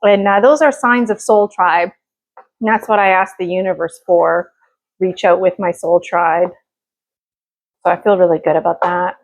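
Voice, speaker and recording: A middle-aged woman hosts her own home cooking vlog, chatting in a rambling way full of fillers as she cooks. Her voice is fairly low-pitched and steady, at a moderate pace.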